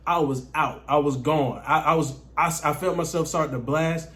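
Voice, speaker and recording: A man's voice: fairly high pitch, normal speed, few pauses, a bit bright. A man telling a casual, profane story to his viewers, often addressing them as guys. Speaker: dating coach vlogger.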